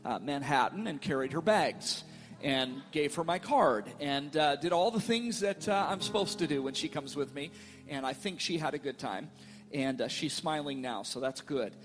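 A middle-aged male pastor telling a family story in a sermon, animated and playful, acting out the voices in his quotes. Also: on the high side, moderate pace, long reverb tail, over music.

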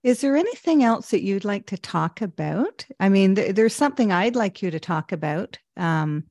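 A woman's voice: mid-range voice, lively intonation, moderate pace, a little mellow, dry recording, studio quality. A woman hosting an interview podcast, encouraging her guest and asking questions with some hesitant fillers. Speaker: podcast host. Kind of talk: interview conversation.

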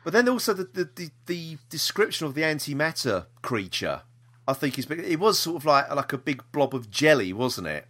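Bright-voiced man chatting. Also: on the high side, very animated, normal speed. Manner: chatty, lots of fillers and laughs. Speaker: podcast co-host. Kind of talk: casual chat.

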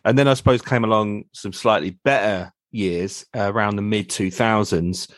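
A man hosting a podcast, asking relaxed, rambling questions and telling anecdotes. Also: fairly low pitch, moderate pace, no echo. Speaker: podcast host. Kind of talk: casual interview chat.

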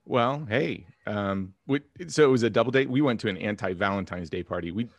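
A man in his forties co-hosting a casual podcast chat, joking and relaxed. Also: fairly low pitch, brisk, no echo. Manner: joking put-on smooth voice at first, then laughing and relaxed. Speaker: podcast co-host.

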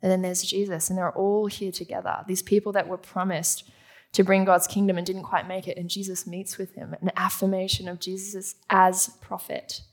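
A woman preaching a sermon, her voice slightly low and gravelly. She teaches as she goes, putting questions to the congregation and answering them herself. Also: flat delivery, normal speed. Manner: teaching, asks the audience questions.

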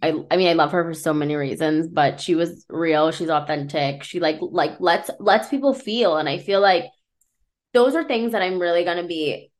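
A woman's voice: lowish voice, normal speed. Chatty young woman co-hosting a podcast. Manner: chatty, peppered with "like", often laughing. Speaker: podcast co-host. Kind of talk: candid casual chat.

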